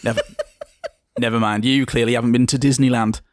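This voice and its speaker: A man's voice: medium pitch, fairly even intonation, a little fast, no room sound, studio quality, lightly acted. A man voicing a pompous, entitled man in a suit who talks down to everyone. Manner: condescending, sneering.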